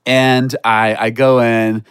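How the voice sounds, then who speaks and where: A man telling a comic story on a podcast in an animated way, acting out voices with shouts and laughter. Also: mid-range voice, takes it slowly, clear, resonant tone, dry recording, clean studio sound.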